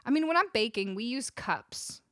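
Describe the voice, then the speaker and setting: On a studio vocal mic with clean studio sound and no echo, a young Canadian woman with a Canadian accent streams music and chats casually with viewers. Her voice is on the high side, animated and sharp-toned at a moderate pace, and she laughs often while reading messages aloud.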